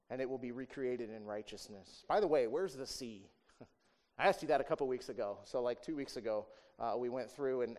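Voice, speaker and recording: A male pastor preaches conversationally, posing rhetorical questions and ending lines with "right?" He moves between emphatic, raised passages and quiet asides, in a medium-pitched voice.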